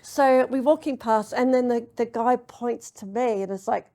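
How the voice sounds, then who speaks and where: A woman giving a public lecture, telling anecdotes in a chatty way with many pauses and ums. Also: fairly high pitch, warm tone. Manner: chatty storytelling with frequent ums. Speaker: university lecturer. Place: lecture hall.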